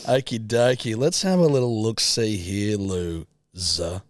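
A man's voice: lowish voice, a little slow, dry recording, clean studio sound. A male podcast co-host in casual, joking chat, laid-back and swearing freely.

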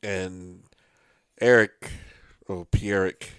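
A man's voice: deep voice, steady tone, drawn-out words, smooth, no echo, clean studio sound. A man co-hosting a casual movie discussion, explaining plot events step by step. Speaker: podcast co-host.

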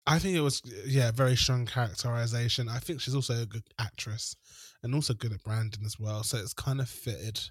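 A man's voice: medium pitch, a little fast, slightly rough, no echo. Man, podcast co-host, rambling, laughs a lot, dry sound. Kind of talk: casual chat.

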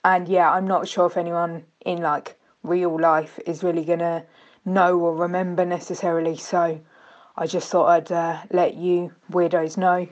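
Woman, caller, tearful, soft, halting, slightly low voice, phone message. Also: flat delivery, dull audio. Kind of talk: voicemail message, emotional reading.

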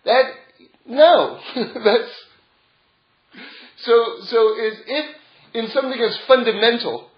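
A man's voice: extremely high pitch, slow pace, long pauses. A man giving an informal religious lecture as a Torah teacher, telling stories in a rambling way and chuckling often. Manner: digressive storytelling with frequent chuckles. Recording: roomy, dull lo-fi sound.

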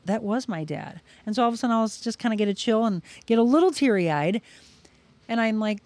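A woman's voice: fairly high pitch, a little fast, dry recording. A middle-aged woman, a podcast guest, telling a personal story in casual chat and acting out the quoted dialogue. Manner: lively, acts out quoted dialogue.

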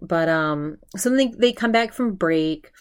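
A woman hosting a solo podcast, chatting casually and retelling stories with lively mimicry and plenty of fillers. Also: lowish voice, unhurried, smooth. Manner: animated retelling, mimics others' voices; chatty, lots of fillers and restarts. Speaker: podcast host.

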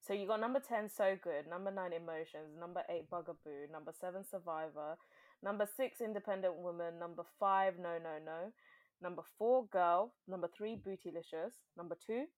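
A woman hosting a casual podcast chat, excitable and quick to laugh. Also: on the low side. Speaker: podcast host.

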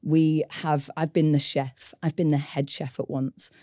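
A woman, a business co-founder, talking thoughtfully in a casual interview, pausing to find her words. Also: sits low, flat delivery, dark tone, no room sound, clean studio sound. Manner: thoughtful, searching for words, tag questions.

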